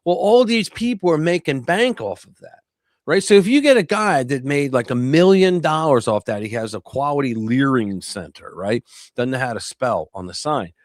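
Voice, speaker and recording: A man from the United States talking in a casual political livestream chat, animated and emphatic with coarse language. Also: mid-range voice, normal speed, dry recording, clean studio sound. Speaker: guest co-host.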